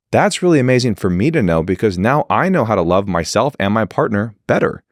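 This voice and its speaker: A man speaking as a podcast guest in casual conversation, animated and blunt, swearing freely and acting out quoted dialogue. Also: lowish voice, brisk, few pauses, no room sound, studio quality. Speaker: podcast guest, leadership mentor.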